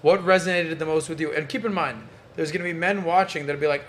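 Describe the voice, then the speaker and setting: A man's voice: a little high, quick pace, fairly bright tone, slight background noise. A man hosting a casual podcast panel, blunt and joking, swearing freely. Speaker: podcast host.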